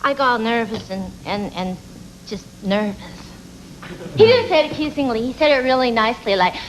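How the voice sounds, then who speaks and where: A woman's voice: on the high side, expressive, brisk, background noise. A woman who is an actress guest on a talk show, talking in a chatty, rambling, self-mocking way.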